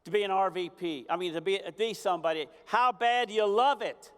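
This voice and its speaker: Fervent high-voiced man speaking in a hall. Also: brisk, a bit bright, clean tone. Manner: preachy, fervent, repeats rhetorical questions. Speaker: motivational speaker at a company convention. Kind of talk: motivational stage speech. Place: large convention hall.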